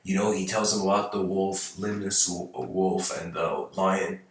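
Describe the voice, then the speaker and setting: A channel host gives a rambling, storytelling lecture, hesitant and full of restarts. His voice sits low with a level tone and a slightly slow pace, recorded far from the mic in a very echoey room.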